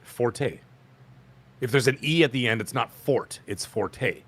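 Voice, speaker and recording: A man's voice: mid-range voice, a little slow, fairly bright tone. A middle-aged man co-hosting a casual gaming podcast, joking around and laughing as he talks about games. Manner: jokey, goofy, breaks into laughter. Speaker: podcast co-host.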